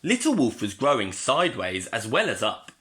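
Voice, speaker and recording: A male primary school teacher reading a storybook aloud to his pupils in an expressive way. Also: medium pitch, normal speed.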